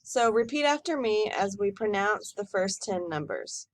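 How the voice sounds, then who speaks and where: A woman teacher giving a recorded lesson, modelling each number slowly and clearly for students to repeat. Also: medium pitch, expressive. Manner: slow, careful model pronunciation for repeating. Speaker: Spanish teacher.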